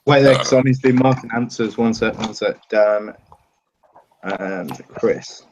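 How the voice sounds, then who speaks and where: A man on a podcast who runs a quiz round in a brisk, matter-of-fact way. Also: lowish voice, a little mellow, highs cut off, a little hiss or hum. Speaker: quizmaster. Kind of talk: casual quiz banter.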